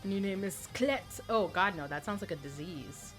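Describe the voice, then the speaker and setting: 遊び心のある、おしゃべりな女性配信者。背景にかすかな音楽。. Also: female voice, lowish voice, lively intonation, normal speed, a bit bright, faint music behind. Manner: playful, chatty, often repeats words as she restarts. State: tired. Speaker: streamer. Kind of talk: casual live-stream chat with viewers.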